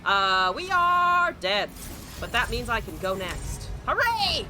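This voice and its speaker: A woman's voice: very high voice, very animated, moderate pace, music in the background. A woman streaming a card game, commenting as she plays and ranting with heavy swearing about her opponents. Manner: profane, ranting, exasperated. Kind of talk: live-stream gameplay commentary.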